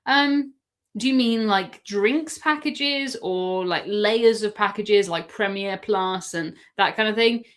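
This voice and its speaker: Her voice is mid-range and fairly bright, and she speaks slowly. The English woman from England is hosting a cruise live stream, chatting informally, taking viewer questions, and laughing plenty.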